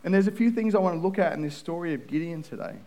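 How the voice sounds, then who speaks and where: A man preaches from the pulpit in an earnest, personal tone. His voice sits a little high for a man, and he trips into quick repeated restarts as he tells his story. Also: lively intonation, warm tone, low-quality recording. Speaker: pastor. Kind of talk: sermon.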